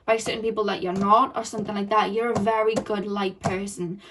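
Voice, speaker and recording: A woman's voice: mid-range voice, flat delivery, brisk, distant mic, background noise. A woman giving an emotional, earnest tarot reading to her viewers, repeating phrases and getting teary. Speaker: tarot card reader.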